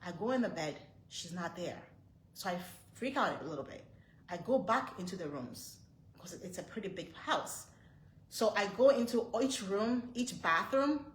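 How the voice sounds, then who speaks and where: A woman's voice: mid-range voice, lively intonation, moderate pace, reverberant, poor audio. A woman in her thirties, a mother vlogging to her viewers, retelling a frightening moment in a tense, breathless way with lots of repeated phrases. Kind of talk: storytelling to camera.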